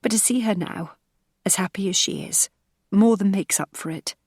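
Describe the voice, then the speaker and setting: A woman doing a soft, wistful middle-aged mother. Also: mid-range voice, normal speed, husky, dry recording, studio quality, voice pushed up. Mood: rueful.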